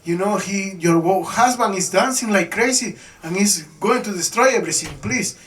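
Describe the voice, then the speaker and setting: A man's voice: high-pitched, normal speed, fairly bright tone, far from the mic. A man voicing a distressed earth goddess who pleads urgently for help. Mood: pleading.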